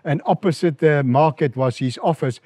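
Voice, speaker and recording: This middle-aged pastor with a South African accent shares mission stories at a moderate pace in an interview, with no room sound. He animates the tales by voicing the people who called him, getting higher and louder as he quotes them.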